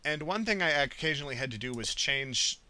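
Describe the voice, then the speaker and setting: A man's voice: on the high side, expressive, brisk, bright, forceful tone. A man co-hosting a casual writing podcast, easygoing, with many fillers and repeated words. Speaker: podcast co-host.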